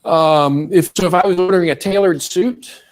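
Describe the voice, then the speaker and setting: A man's voice: high-pitched, normal speed. Middle-aged man as a professor, lecturing loosely, tossing questions to the class. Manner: casual, joking, asks the class questions.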